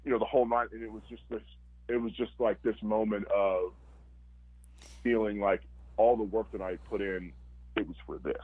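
A man's voice: on the low side, fairly even intonation, normal speed, long pauses, slightly rough, no room sound, phone-quality sound. A man, a former football player, telling his story casually and animatedly, acting out quotes with lots of fillers.

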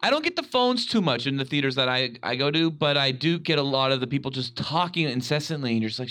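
Man, podcast co-host, casual ranting chat, swears a lot, bright tense voice. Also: mid-range voice, lively intonation, fast, few pauses. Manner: ranting, swearing, mimics people in quotes.

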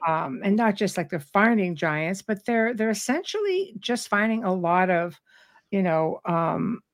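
A woman's voice: mid-range voice, measured pace. Middle-aged woman hosting a live show, big robust voice, chatty and laughing. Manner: robust, animated, laughs often. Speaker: radio show host. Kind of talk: casual live-show chat.

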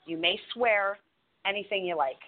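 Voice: mid-range voice, normal speed. A radio host speaking bluntly and reassuringly in casual talk, repeating phrases. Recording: tinny phone line.

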